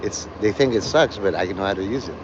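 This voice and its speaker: A man livestreaming outdoors on a rainy city street, rambling and joking, acting out quick voices and laughing often. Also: on the low side, highs cut off, noisy background.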